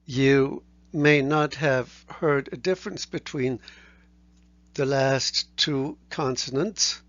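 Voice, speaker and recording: A man teaching a language lesson, explaining sounds slowly and carefully and sounding out each letter. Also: medium pitch, steady tone, a bit bright, no echo, lo-fi sound. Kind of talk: recorded lecture.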